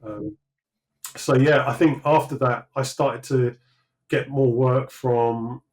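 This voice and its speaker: A man's voice: medium pitch, steady tone, takes it slowly, low-quality recording. A British man, likely in his thirties, talking through his career in a casual interview, rambling with many fillers and restarts. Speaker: sculptor guest.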